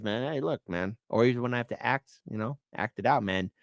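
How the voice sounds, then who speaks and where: A man hosting a casual commentary show, loudly mocking news clips with profanity. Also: mid-range voice, a little fast, few pauses, no echo, clean studio sound. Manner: loud, mocking, profane, lively swings. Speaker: host reacting to news clips.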